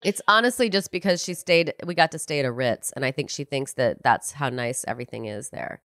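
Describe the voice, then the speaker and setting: A woman's voice: very deep voice, fairly quick, fairly bright tone, dry recording, studio quality. A woman co-hosting a podcast, chatting casually and gushing with enthusiasm. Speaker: podcast co-host. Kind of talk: casual comedic chat.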